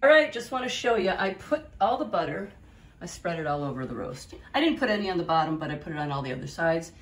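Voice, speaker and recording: A woman's voice: lowish voice, very animated, quick pace. A woman hosting a home cooking video, chatty and talking viewers through each step directly. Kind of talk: casual cooking demonstration. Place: home kitchen.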